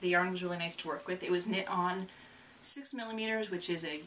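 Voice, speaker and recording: A woman's voice: fairly low pitch, brisk, a crowd in the background. A woman co-hosting a casual knitting podcast, chatty and self-deprecating, getting over a cold. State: recovering from a cold. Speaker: podcast co-host. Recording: distant mic with faint room noise.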